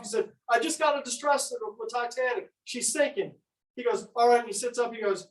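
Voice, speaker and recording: A man's voice: high-pitched, fairly quick. Male history lecturer, storyteller who acts out quotes; distant mic, roomy sound. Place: museum lecture room. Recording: echoey room, speaker far from mic.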